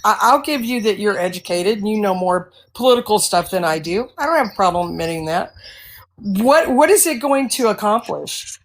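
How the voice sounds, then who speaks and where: A woman's voice: mid-range voice, animated, normal speed, a little hiss or hum. A woman speaking up in a live audio debate, defensive and argumentative. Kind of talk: heated political argument.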